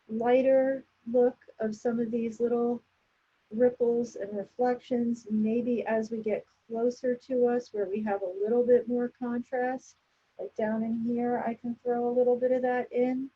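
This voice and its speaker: A woman demonstrating an oil painting and explaining each step as she works, in a relaxed, instructive way. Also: on the high side, a little slow, breathy edge, dull audio. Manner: relaxed, instructive, thinking aloud while painting. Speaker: painting teacher.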